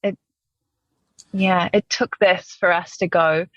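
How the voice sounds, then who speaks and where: Candid low-voiced woman telling her story. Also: steady tone, slow, no echo, lo-fi sound. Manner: reflective, open, frequent ums. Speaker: podcast guest.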